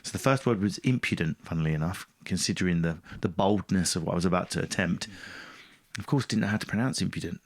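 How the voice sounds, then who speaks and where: Lowish-voiced man, blunt and lively. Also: quick pace. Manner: blunt, swears freely, lively and self-mocking. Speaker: podcast guest, stand-up comedian. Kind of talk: casual interview storytelling.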